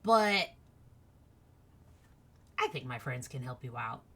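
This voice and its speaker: A woman voicing a tiny, friendly worm with a soft, small voice. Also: a bass voice, very animated, slow pace, husky, pitched below the performer's own voice, full character voice. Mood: kindly.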